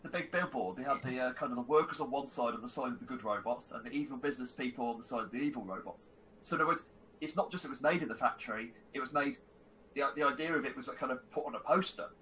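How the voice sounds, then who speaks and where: A man playing in a tabletop game, chatting quickly and excitably. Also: mid-range voice, a little hiss or hum, rough recording. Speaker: player. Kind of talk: casual play chat.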